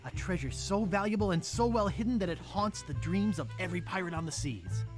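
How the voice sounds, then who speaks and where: A man's voice: high-pitched, lively intonation, a little fast, music in the background. An actor voicing a boastful, goofy young male wannabe pirate in a video game, talking like an eager storyteller. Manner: chatty, self-important storyteller.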